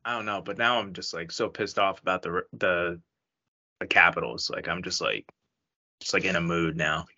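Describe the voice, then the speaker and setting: A man's voice: low-pitched, moderate pace, pushed and bright, muffled recording. A man co-hosting a casual sports podcast, laid-back and wry, often laughing along. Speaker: podcast co-host.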